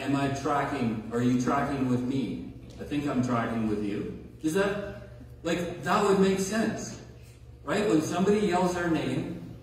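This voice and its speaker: A male pastor with a slightly high, darkish voice delivers a conversational sermon, stressing key words and checking in with his listeners. He's in a large hall or sanctuary, recorded from a distance, so the sound is echoey with slight background noise.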